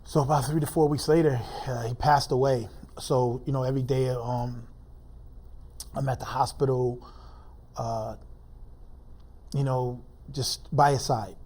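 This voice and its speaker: Man, dark mellow voice, lots of uh and like, telling a rough personal story on an interview show. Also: medium pitch, fairly even intonation. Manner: informal, halting speech with many fillers. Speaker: interview guest.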